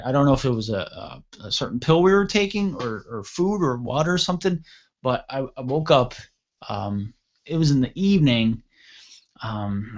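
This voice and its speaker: A man in his thirties hosting a radio show, telling a crude story in casual chat and acting out the other voices. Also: mid-range voice. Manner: animated, acts out voices, crude humor. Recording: dull lo-fi radio show audio.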